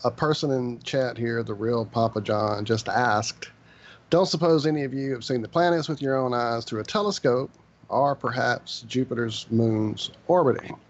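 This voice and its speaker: A man's voice: medium pitch, normal speed, muffled recording. A man in his fifties hosting a casual podcast, talking emphatically and ranting with mild swearing. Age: 50s. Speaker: host.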